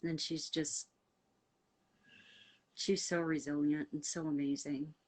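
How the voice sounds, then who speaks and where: Low-pitched American woman, middle-aged, rambling livestream host, heartfelt and filler-heavy. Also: flat delivery, slow pace, darkish tone. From United States. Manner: rambling and heartfelt, full of fillers, answering viewer comments. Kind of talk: casual livestream chat.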